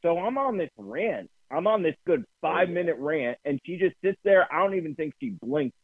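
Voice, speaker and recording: Jersey-accented podcast co-host, profane ranting storyteller, tinny dry phone-like sound. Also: male voice, on the high side, big pitch swings, normal speed, husky, no echo. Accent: New Jersey. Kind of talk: casual chat.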